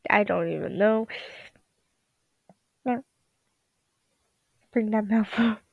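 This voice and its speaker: Young woman, groggy and slow, mutters and giggles through a drawing session, dry and dull home recording. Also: mid-range voice, vocal fry, no echo. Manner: rambling, giggly, muttering to herself. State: tired, groggy. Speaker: digital artist vlogger. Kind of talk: casual commentary while drawing. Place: at home at night.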